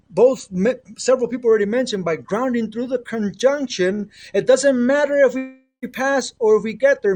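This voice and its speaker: A man's voice: sits high, darkish tone. A middle-aged man with a Mexican accent, talking on a casual spiritual livestream from home through an earbud mic. He rambles earnestly, often trailing off and restarting. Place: home with children nearby. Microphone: earbud headset.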